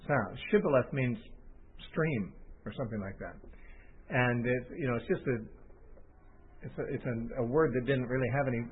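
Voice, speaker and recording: A man's voice: mid-range voice, a little hiss or hum. A man teaching a Bible passage off the cuff, thinking aloud with restarts and fillers. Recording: tinny phone-line audio.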